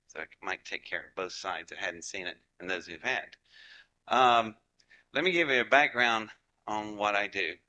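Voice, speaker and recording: This man's voice runs on the low side, moderately paced and sharp in tone. With his Southern American accent, he tells folksy stories to a live crowd, keeping it chatty and trading jokes with them.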